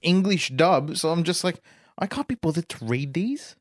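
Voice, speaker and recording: A woman co-hosts a relaxed radio chat, teasing and laughing through the banter. Her pitch swings widely as she talks. The studio sound is close and dry. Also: normal speed, no room sound. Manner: playful, laughing, animated banter. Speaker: co-host.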